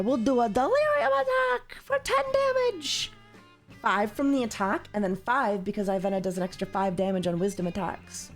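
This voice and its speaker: Young woman streamer from canada, chatty card game talk, jumps into high loud yells, mid pitch. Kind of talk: casual livestream chat while playing a card game.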